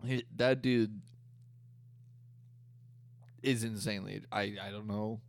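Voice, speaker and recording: Gravelly-voiced young man, crude banter. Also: fairly low pitch, steady tone, takes it slowly, no room sound. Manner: crude, rambling, profane. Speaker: podcast co-host. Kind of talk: casual chat.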